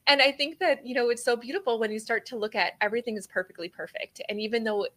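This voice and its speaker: A woman hosting a faith-based podcast, talking in an earnest, animated way with plenty of fillers. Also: on the high side, fast talker. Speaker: podcast host.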